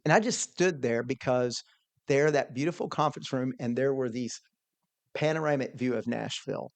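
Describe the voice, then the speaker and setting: A man telling an earnest, animated personal story as a podcast guest, quoting his own thoughts along the way. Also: mid-range voice, normal speed, vocal fry, no echo. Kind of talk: storytelling in a conversation.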